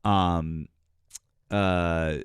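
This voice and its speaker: A man's voice: sits low, fairly even intonation, very slow, clean tone, no echo, clean studio sound. A man hosting a casual politics livestream, rambling, swearing now and then, and thanking viewers from the chat. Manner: rambling, swears, many fillers, reads chat aloud.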